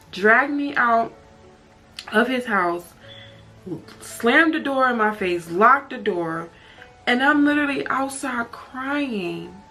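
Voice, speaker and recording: Speaking slowly and expressively in a high, pushed, bright voice, a woman shares a personal story on her storytime vlog. She is emotional and candid, swears, and leans heavily on "like," with faint music in the background.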